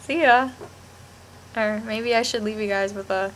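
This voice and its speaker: A woman's voice: medium pitch, fairly even intonation, measured pace, heavy background noise. A young woman vlogging a rambling, gushing TV review with lots of restarts. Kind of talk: casual chat to camera.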